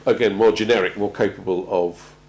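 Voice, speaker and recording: A man gives a measured talk on crisis planning, often pausing and repeating words as he goes. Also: lowish voice, fairly even intonation, darkish tone, rough recording. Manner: measured, halting, repeats words while finding them. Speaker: presenter on organisational crisis planning. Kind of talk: prepared talk to an audience.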